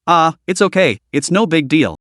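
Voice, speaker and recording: A carefree, joking young man from a comic recap, chatty and playful, as the male narrator reads his lines. The voice is a little high and swings lively up and down, with a dry, close sound. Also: moderate pace, no room sound. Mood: cheerful.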